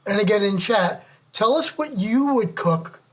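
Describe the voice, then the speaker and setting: A man co-hosting a live cooking show, calmly prompting viewers to comment in chat. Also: high voice, a little slow. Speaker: co-host.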